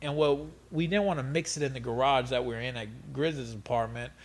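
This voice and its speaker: A middle-aged man telling stories as an interview guest, animated and profane, laughing often. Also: medium pitch, brisk, slight background noise. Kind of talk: casual storytelling interview.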